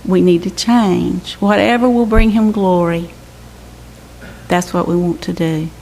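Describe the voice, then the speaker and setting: A woman's voice: lowish voice, steady tone, measured pace, gravelly, a little mellow. An older woman giving an earnest, exhorting church testimony about a mission trip. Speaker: mission team member reporting to her church. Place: church sanctuary. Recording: echoey church hall with faint hiss.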